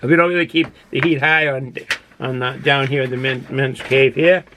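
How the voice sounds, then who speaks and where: This older beer reviewer has a mid-range voice, a steady tone, and a Boston accent, talking at a moderate pace over a noisy background. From the home den he calls a man cave, he gives a rambling, folksy review full of fillers and restarts.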